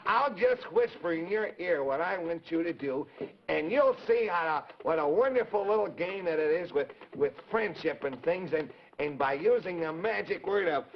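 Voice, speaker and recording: A man's voice: high voice, lively intonation, moderate pace, vocal fry, slight background noise. A man voicing a cheerful, eager boy puppet who stammers and chatters earnestly. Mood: confiding. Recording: dull 1950s TV broadcast audio.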